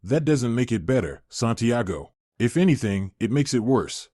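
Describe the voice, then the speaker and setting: Firm icy young woman calling off her wedding, done by a man, lively pitch, dry close sound. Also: normal speed, husky, dry recording. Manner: firm, cold.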